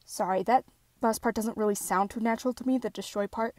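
A woman's voice: a little high, fairly even intonation, a little fast, a little mellow, dry recording. A woman chatting casually between takes as a fan voice actor, apologetic and self-deprecating, rambling as she goes. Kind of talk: casual recording-session chatter.

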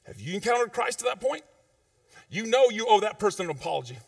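A man preaching a sermon as pastor, in a conversational, informal way with slang, swinging between loud emphatic peaks and low quiet asides. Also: big pitch swings, fast talker, gravelly, dry recording, clean studio sound, distant mic. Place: church sanctuary.

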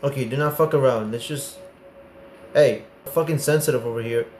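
A young man commentating a horror game as he plays, excitable and prone to sudden yelps and swearing. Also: mid-range voice, normal speed, echoey room, a little hiss or hum. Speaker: gaming streamer. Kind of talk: gameplay commentary.

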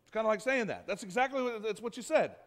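A man pastor giving a sermon in a church, conversational and animated, acting out what people say. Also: high-pitched, quick pace. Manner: conversational, animated preaching with acted-out quotes.

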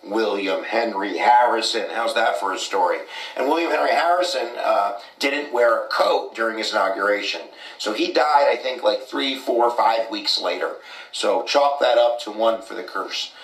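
Low-pitched man rambling through history; echoey, off-mic clip. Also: expressive, moderate pace, fairly bright tone, distant mic. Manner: rambling, many fillers like "kind of" and "you know". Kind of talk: casual history explanation.

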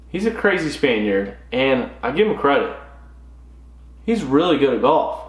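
A man from California hosting a golf podcast, telling stories in an animated, profane rant. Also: fairly high pitch, roomy sound. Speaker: podcast host. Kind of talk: ranting golf podcast monologue.

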